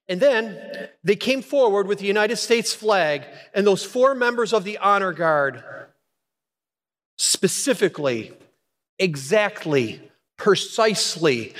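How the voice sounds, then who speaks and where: A middle-aged man preaching a sermon, telling a personal story with dramatic pauses and repetition. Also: sits high, fairly bright tone. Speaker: pastor. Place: church hall. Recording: long hall reverb.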